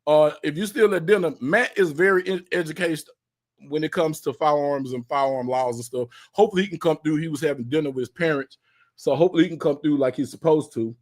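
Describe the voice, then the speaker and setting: A man's voice: on the high side, fast talker. A man hosting a casual live stream, talking in a loose, slangy way full of fillers. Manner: laid-back, slangy, filler-heavy talk. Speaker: livestream host.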